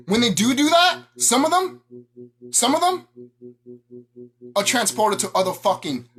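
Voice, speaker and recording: A woman's voice: mid-range voice, fairly bright tone, breathy edge. A woman vlogger delivering an angry, profane, confrontational monologue to her viewers. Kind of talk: ranting monologue to camera.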